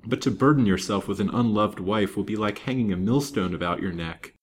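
A man's voice: on the low side, fairly quick, slightly rough. A man voicing a blunt, protective older banker who speaks grimly and forthrightly in a storybook reading. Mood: earnest warning. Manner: grim, forthright.

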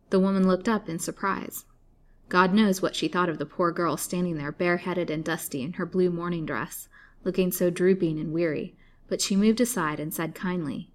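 A woman storyteller reading an old serialized novel aloud in a measured, dramatic way. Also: lowish voice, fairly even intonation. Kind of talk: scripted narration of a serialized novel.

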